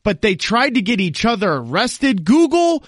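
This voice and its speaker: A man's voice: sits high, big pitch swings, normal speed, no echo, studio quality. A man talking soccer on a podcast as an analyst guest, emphatic and confident as he explains at length. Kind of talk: casual podcast chat.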